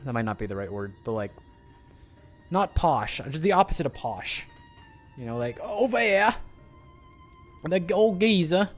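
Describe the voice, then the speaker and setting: Rambling, chatty male streamer. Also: a little high. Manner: rambling, chatty, many fillers and restarts. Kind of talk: casual gameplay commentary.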